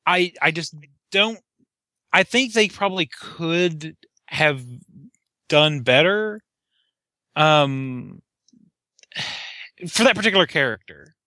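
A man's voice: a little high, expressive, slow pace, long pauses, pushed and bright, no echo, clean studio sound. A man co-hosting a casual podcast chat, restarting his sentences and building to emphatic rhetorical questions. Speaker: podcast co-host.

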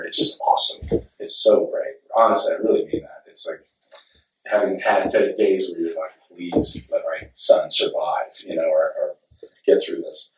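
Middle-aged man, lowish voice, candid rambling panel guest, roomy distant sound. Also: a little mellow. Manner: candid, rambling, laughs readily. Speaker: actor and director at a fan convention panel. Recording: echoey hall, distant mic.

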